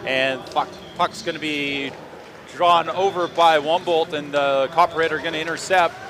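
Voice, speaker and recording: A man calling hockey play-by-play in a rapid running stream, with dry joking asides between plays. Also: a little high, fairly even intonation, background noise. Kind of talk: play-by-play sports commentary.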